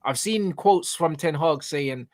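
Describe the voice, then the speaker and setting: A young man, voice pitched a touch higher than most, argues his football opinions with passion and frequent swearing. He keeps asking whether you know what he's saying. The sound is dry and close, with no room behind it. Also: takes it slowly, dry recording. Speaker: co-host, football fan. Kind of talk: casual football debate.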